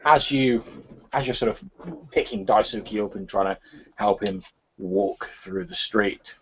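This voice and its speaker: A man narrating as game master for a tabletop game over voice chat, relaxed and full of fillers. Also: fairly low pitch, unhurried, slight background noise. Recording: muffled lo-fi voice chat.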